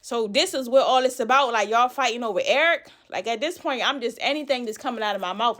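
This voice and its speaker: A woman's voice: fairly high pitch, fast talker, hardly any pauses. A woman telling a story in a casual vlog, blunt and full of swearing, a little out of breath. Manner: animated, blunt, swears a lot, drops into quiet asides.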